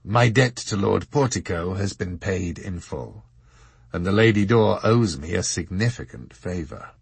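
A man's voice: deep voice, lively intonation, measured pace, gravelly, breathy edge, no echo, heavily acted. A man voicing the Marquis, a worldly, self-assured nobleman who speaks in a dry, unsympathetic way.

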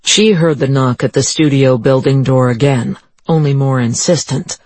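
Steady audiobook narrator, dry sound. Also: mid-range voice, normal speed, no room sound. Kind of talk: scripted narration.

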